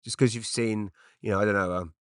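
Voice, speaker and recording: A man's voice: lowish voice, fairly even intonation, a little fast, fairly bright tone, clear, resonant tone, no room sound, clean studio sound. A middle-aged man from Britain, a comedian rambling through an unscripted solo podcast with lots of fillers and restarts, self-deprecating.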